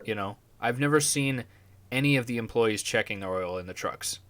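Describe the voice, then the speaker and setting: A man's voice: medium pitch, moderate pace, fairly bright tone. A man hosting a podcast, talking casually in a rambling, profane, laid-back way. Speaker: podcast host. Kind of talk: casual chat.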